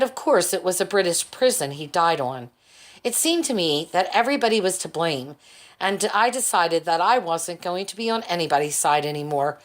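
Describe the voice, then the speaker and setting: A woman reading a chapter of a novel as an audiobook, measured, lifting her voice for the quoted characters. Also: on the low side. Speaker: audiobook reader. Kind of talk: audiobook narration.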